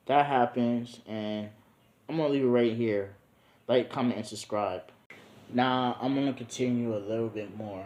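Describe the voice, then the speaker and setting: A man's voice: mid-range voice, darkish tone. A young man casually telling a made-up adventure story, rambling and slangy with many ums. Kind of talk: casual fan-fiction storytelling. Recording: roomy echo.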